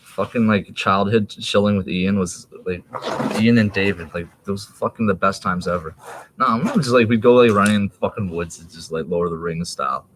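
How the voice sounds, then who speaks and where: A man's voice: sits low, moderate pace, background noise. A man in his thirties rambling in a casual, profane monologue, laughing and jumping between topics.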